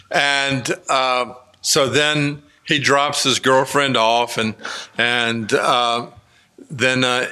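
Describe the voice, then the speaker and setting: A man preaching a sermon, telling stories in a slow, conversational way with many pauses and fillers. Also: mid-range voice, sharp tone, clear, resonant tone. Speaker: pastor.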